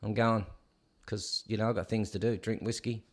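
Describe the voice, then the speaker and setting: A man's voice: fairly low pitch, level tone, normal speed. A middle-aged Canadian man hosting a casual livestream, reading viewer comments aloud and breaking into bits of songs. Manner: reads comments aloud, sings snatches of songs. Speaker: livestream host reading chat. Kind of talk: casual chat.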